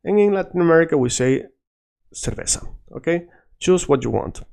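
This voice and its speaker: Animated male teacher. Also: on the high side, fast, gravelly. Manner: animated, switches between English and Spanish, repeats words for drill. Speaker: Spanish teacher. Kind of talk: casual video lesson.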